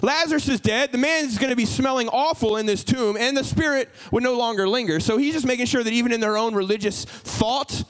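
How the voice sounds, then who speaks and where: A pastor, preaching an animated sermon and acting out dialogue. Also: male voice, extremely high pitch, fairly quick, hardly any pauses, clean tone, rough recording.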